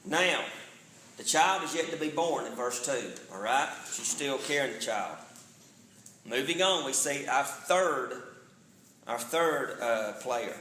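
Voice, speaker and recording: A man's voice: medium pitch, lively intonation, slow pace, pushed and bright, echoey room, a little hiss or hum, rough recording. A man, a pastor teaching a Bible study in a casual way, often checking in with the room. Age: 40s. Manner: conversational, checks in with "all right?". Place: church sanctuary.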